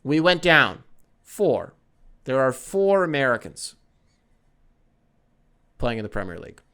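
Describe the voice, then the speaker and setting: A man's voice: mid-range voice, very animated, unhurried, sharp tone, clean tone. A man hosting a sports podcast, rambling and joking in casual chat, swearing freely. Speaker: podcast host.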